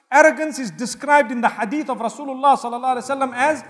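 A male Islamic preacher giving a sermon lecture, earnest and humorous, swinging between loud emphasis and soft asides. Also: very high voice. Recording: long hall reverb.

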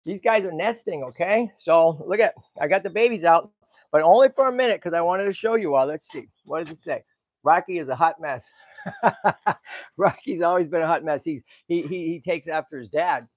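A middle-aged man from the Boston area, hosting a tortoise sanctuary vlog in an excitable, chatty way and talking to animals and viewers as he walks. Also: on the high side, moderate pace, no room sound. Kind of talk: casual walk-and-talk vlog.

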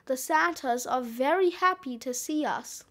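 A woman's voice: high voice, lively intonation, a little slow, a bit bright. A woman reading a children's book aloud expressively, voicing the sound effects. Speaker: storybook reader.

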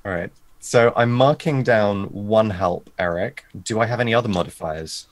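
A man with a very low voice plays a tabletop game. He talks through the rules casually. He narrates what his character does. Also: moderate pace, no room sound. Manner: narrates his character in third person, mixing in spoken lines. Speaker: player. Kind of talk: playing a tabletop game over voice chat.

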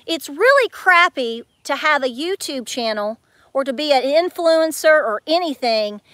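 A woman's voice: high voice, lively intonation, unhurried, a bit bright, no echo, studio quality. A woman telling a story to her viewers in a chatty way, acting out quotes with big swings in her voice. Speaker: homestead vlogger.

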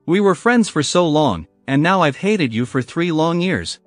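A man's voice: a little high, very animated, moderate pace, no room sound, faint music behind. A man narrating a story and voicing a remorseful, tearful man pleading with his old friend, in an earnest, choked way.

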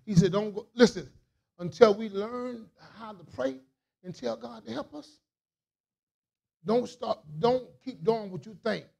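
A man preaching a sermon as a bishop, in a call-and-response style that swings from quiet asides to shouts. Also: high-pitched, creaky, husky.

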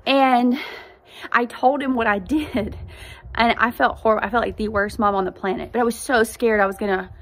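Woman, mother, podcast host, slightly higher voice, earnest conversational faith testimony. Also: fairly even intonation, normal speed, a bit bright.

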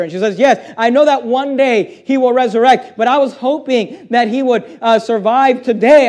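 High-voiced man preaching a sermon. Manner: preaching with slow, drawn-out emphasis and sudden drops to quiet; reads scripture aloud in old-style wording. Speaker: pastor.

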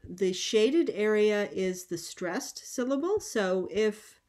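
A middle-aged woman lecturing on linguistics at an academic conference, explaining at a measured pace and often pausing on "um". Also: medium pitch, animated, darkish tone. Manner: measured, explanatory, with frequent ums.

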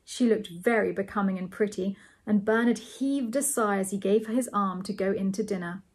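A woman reading a novel aloud as a storyteller, measured and gently amused. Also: medium pitch, slightly rough.

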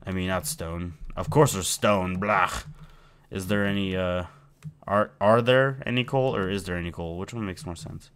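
A man's voice: low-pitched, normal speed, a bit bright, clear, resonant tone. A man giving rambling, playful commentary while playing a video game and chatting to his in-game pet. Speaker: gameplay video host. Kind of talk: casual let's-play commentary.

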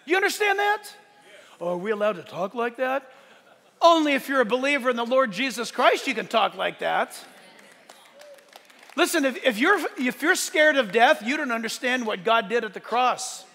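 A male pastor preaching a sunrise service sermon, animated and shouting at the high points, with joking asides. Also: normal speed, long reverb tail.

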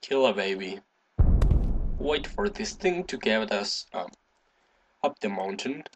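A man talks over a game in an unhurried, casual way, humming and swearing as he goes. His pitch swings widely, jumping into sudden high yelps when he gets excited. A faint hiss sits behind the voice. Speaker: gaming video host. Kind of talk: casual gameplay commentary.

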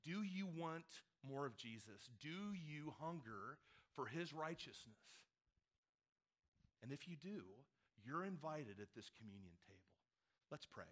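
A man's voice: fairly high pitch, animated, unhurried, a bit bright. A male pastor delivering a sermon and prayer in an earnest, storytelling manner.

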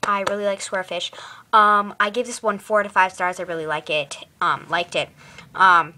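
A woman's voice: mid-range voice, fairly even intonation, moderate pace, pushed and bright. A teenage girl vlogging about the books she plans to read, chatty and rambling, in a put-on British accent. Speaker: book vlogger. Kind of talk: casual book chat to camera.

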